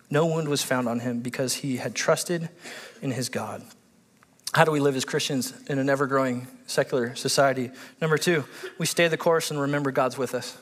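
A man preaching a sermon, reading scripture aloud and breaking off into excited commentary. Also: a little high, in a large hall. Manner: animated, excitable, acts out biblical characters with voice shifts. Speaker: pastor.

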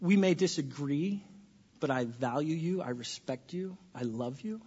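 A high-pitched male pastor preaches in a church sanctuary, dropping to soft, earnest tones and then rising into loud, joking bursts. The recording sounds dull and lo-fi. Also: lively intonation, a little slow, husky. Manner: dynamic preacher, swings from hushed to loud and playful. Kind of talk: sermon.

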